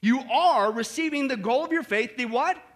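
A man preaching a sermon as pastor, animated, often asking the congregation questions and adding friendly "okay?" asides. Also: very high-pitched, normal speed.

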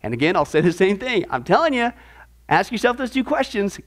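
A man's voice: high voice, sing-song, brisk. A man teaching a discipleship Bible class, asking rhetorical questions and acting out little voices as he goes.

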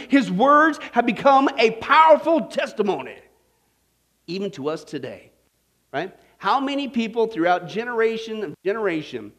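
A man preaching a sermon as pastor, animated and interactive, often asking the audience questions. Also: extremely high pitch.

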